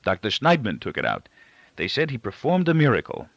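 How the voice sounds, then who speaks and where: A man voicing a frail, worried gray-haired father who speaks softly and slightly huskily, in formal, careful phrases with small hesitations. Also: medium pitch, huge pitch swings, brisk, no room sound, voice pushed up, heavily acted. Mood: anxious, soothing. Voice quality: soft, slightly husky. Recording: dull, dry lo-fi recording.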